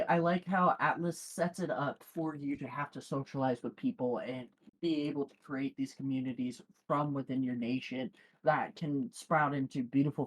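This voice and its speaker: An easygoing man co-hosts a relaxed podcast chat, his voice pitched in a middle range. He laughs often and goes along with his friend's stories. His talk is loose and friendly. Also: rough recording. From Southern United States. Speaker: podcast co-host. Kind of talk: casual chat.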